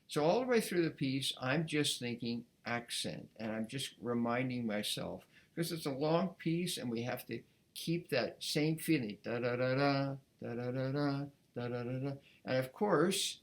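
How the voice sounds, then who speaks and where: A man giving a beginner violin lesson, talking in a gentle, explanatory way, often restarting words and sometimes singing out counts. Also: medium pitch. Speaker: violin teacher. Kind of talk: casual instructional talk.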